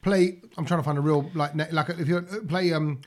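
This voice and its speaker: A man with a high-pitched voice chats casually on a podcast. He is animated and keeps restarting his sentences as he argues a point. His delivery is conversational and loose. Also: a little fast, a crowd in the background. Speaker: podcast co-host.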